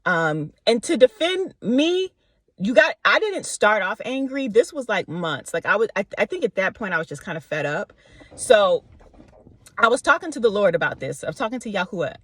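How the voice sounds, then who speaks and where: A woman telling a casual faith storytime in an animated way, acting out the people she quotes with slangy asides. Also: mid-range voice, normal speed, husky, dry recording. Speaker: faith vlogger.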